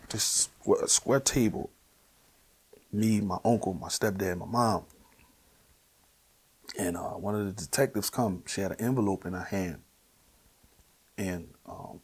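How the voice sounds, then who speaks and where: A man with a New Orleans accent telling his personal testimony, earnest and emotional, at times sinking to a hushed near-whisper. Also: fairly low pitch, husky. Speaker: guest sharing his testimony.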